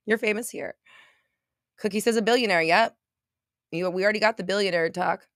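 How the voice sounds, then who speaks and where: A woman's voice: mid-range voice, normal speed, a bit bright, no echo, studio quality. A woman hosting a casual motivational livestream, reading viewer comments aloud and answering them in an emphatic, gushing way, repeating herself and swearing now and then. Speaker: livestream host.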